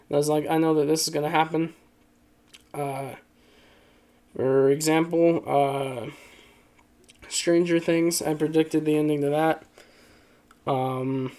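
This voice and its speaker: A man's voice: on the high side, level tone, slow pace, pauses often, a little mellow. A man casually reacting to online posts, rambling and joking. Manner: rambling, joking, lots of fillers and laughs. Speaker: video creator.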